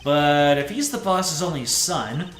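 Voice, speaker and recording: An earnest young defense attorney from a game, as a man reads him, eager and plain, with lively rises and falls. The voice sits in an echoey room. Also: a little high, unhurried, faint music behind.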